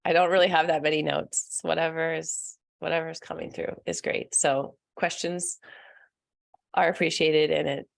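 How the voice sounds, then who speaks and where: Young woman coach on a live stream, low gravelly voice, soft and earnest, laughs a lot. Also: flat delivery, moderate pace. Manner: soft, earnest, laughs often, answers chat comments. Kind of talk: casual live-stream talk.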